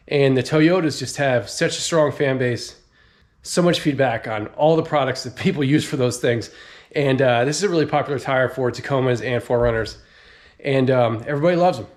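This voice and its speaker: A young man in a casual garage vlog, talking with laid-back slang and excitement while he works on his car. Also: mid-range voice. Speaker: car modding vlogger.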